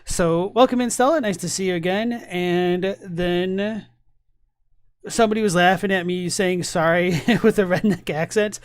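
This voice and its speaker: A man's voice: sits high, unhurried, clean tone, no room sound, studio quality. A man chatting loosely as a streamer reacting to lore videos, rambling with many fillers and asides. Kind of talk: casual reaction commentary.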